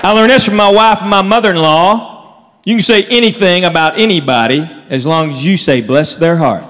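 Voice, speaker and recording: A man performing a stand-up routine, telling animated stories and acting out his relatives. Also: high-pitched, brisk. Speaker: stand-up comedian. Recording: live venue with long reverb, faint crowd noise.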